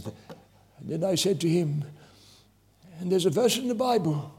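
Husky, impassioned preacher man. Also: high voice, expressive, moderate pace, long pauses. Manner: impassioned, with wide swings between loud and hushed. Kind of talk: sermon testimony.

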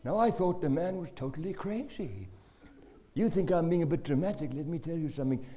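A man, telling a story in an animated, dramatic sermon. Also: on the high side, a little fast. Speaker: preacher.

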